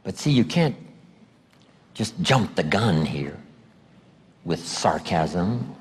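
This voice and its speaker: A man giving a motivational seminar lecture, emphatic and drawing out key words slowly. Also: sits low, lively intonation, a little hiss or hum. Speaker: seminar speaker. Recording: long hall reverb.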